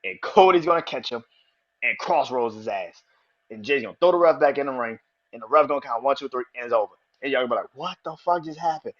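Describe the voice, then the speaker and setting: A man hosting a podcast, talking excitedly and with a lot of swearing, repeating his predictions for emphasis. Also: mid-range voice, quick pace, highs cut off. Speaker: podcast host. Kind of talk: casual wrestling commentary.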